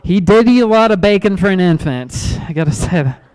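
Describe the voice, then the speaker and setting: A man in his thirties doing a stand-up comedy set in a club, awkward and self-deprecating, halting with ums and restarts. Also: high-pitched, expressive, a little mellow, clear, resonant tone, rough recording. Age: 30s.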